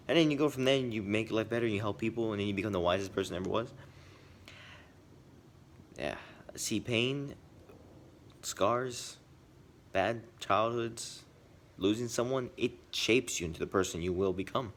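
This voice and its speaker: Earnest man with a low voice. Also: moderate pace, pauses often, slight background noise. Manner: earnest, swings between bursts and quiet asides. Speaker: video essayist. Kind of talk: animated personal commentary.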